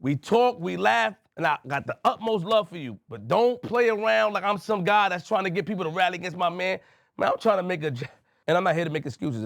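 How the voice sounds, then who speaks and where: A man's voice: high voice, brisk, vocal fry, no echo, studio quality. A man from Queens, a podcast host speaking to camera, emphatic and repetitive as he addresses someone directly. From Queens, New York.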